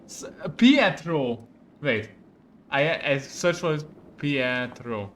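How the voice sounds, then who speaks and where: A man's voice: medium pitch, animated, unhurried, fairly bright tone, a little hiss or hum. Giggly Hungarian-accented young guy streaming. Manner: giggly, self-mocking, laughs often. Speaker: vtuber streamer. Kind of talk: casual game stream commentary.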